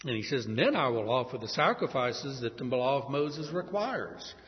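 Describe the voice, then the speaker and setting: A man preaching a sermon, impassioned, swinging between hushed pleading and loud emphasis. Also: mid-range voice, very animated, normal speed. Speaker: pastor. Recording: dull lo-fi sound in a reverberant hall.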